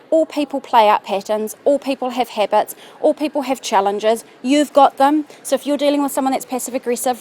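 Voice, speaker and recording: A woman giving calm, earnest, encouraging self-help advice straight to camera. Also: fairly high pitch, a little hiss or hum. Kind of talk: direct-to-camera advice talk.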